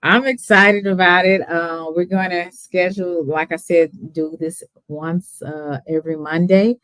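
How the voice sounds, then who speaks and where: A woman's voice: on the low side, steady tone, measured pace, fairly bright tone, dry recording. A woman with a Texas accent hosting a casual livestream chat, chatty and hesitant with many ums, often laughing. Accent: Texan. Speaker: host.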